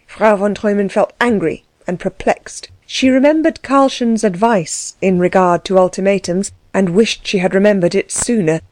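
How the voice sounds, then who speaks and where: Woman reading a classic novel, calm measured narration, middle pitch, dry close sound. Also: dry recording. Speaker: audiobook narrator. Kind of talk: scripted narration.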